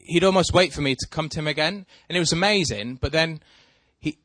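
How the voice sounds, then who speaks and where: A man's voice: a little high, a little fast, no echo. A man telling a rambling, self-deprecating story in casual chat with a co-host. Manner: rambling, self-deprecating, animated when excited.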